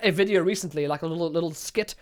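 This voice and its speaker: A man from South Africa with a South African accent, hosting a casual podcast interview, chatty and quick to laugh, often repeating words as he talks. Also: on the high side. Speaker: podcast host.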